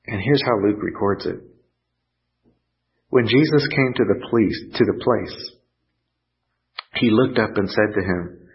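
A man preaching a sermon, earnest and pausing, lifting his voice when he quotes scripture. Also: on the low side. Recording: dull lo-fi sound.

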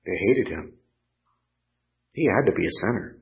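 A man preaching a sermon, earnest and pausing, lifting his voice when he quotes scripture. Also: lowish voice, expressive, vocal fry. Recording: dull lo-fi sound.

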